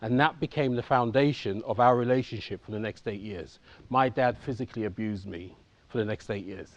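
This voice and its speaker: A man's voice: on the low side, fairly quick, lo-fi sound. A man in his fifties from England, telling his own life story to an audience in a candid, conversational way and often checking in with them. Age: 50s. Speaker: conference speaker. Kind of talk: personal storytelling talk.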